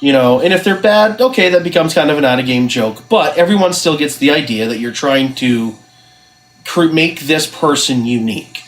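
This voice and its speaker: A man's voice: on the high side, animated, moderate pace. A man co-hosting a podcast about running tabletop games, chatting in an encouraging way and saying "you know" a lot. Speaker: podcast co-host, game master. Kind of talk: casual podcast chat.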